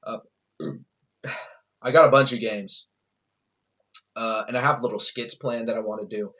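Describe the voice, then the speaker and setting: Talking right at the lens, this young male vlogger wanders through a story at an unhurried, medium-pitched pace. He's animated and relaxed, sprinkling in swear words, fillers and outbursts of laughter.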